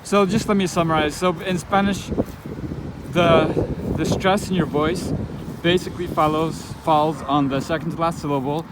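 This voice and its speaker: A man giving an informal spoken lesson, thinking aloud as he goes, with halting restarts and frequent fillers. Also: a little high, steady tone, heavy background noise. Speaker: language teacher.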